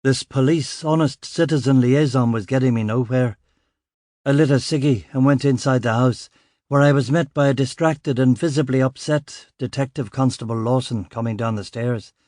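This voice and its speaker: A man reading a crime novel in first person, with a dry, sardonic, gruff delivery. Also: mid-range voice, normal speed, a little mellow, dry recording. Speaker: audiobook narrator. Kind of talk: first-person scripted narration.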